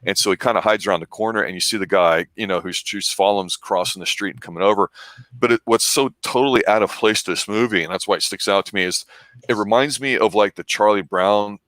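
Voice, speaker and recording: Deep-voiced man in rambling movie chat. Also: fast, a bit bright, no echo. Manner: rambling and jokey, builds long stories. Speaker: movie review show co-host.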